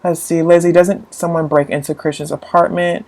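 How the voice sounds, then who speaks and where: A woman with a low voice talks casually to her viewers as a book vlogger. She rambles and gushes, and her voice jumps up into high squeals when something excites her. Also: moderate pace. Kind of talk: casual live-chat book talk.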